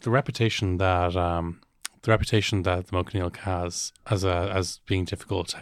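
Very deep-voiced hesitant man. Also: flat delivery, moderate pace, smooth, soft background music. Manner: hesitant, restarts often. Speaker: podcast host, teacher. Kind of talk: casual teaching chat.

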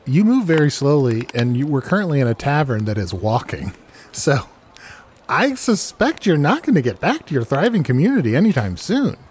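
A man's voice: a little high, very animated, moderate pace, darkish tone, a little hiss or hum. A man hosting an improv comedy show, asking playful, rambling questions. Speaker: host.

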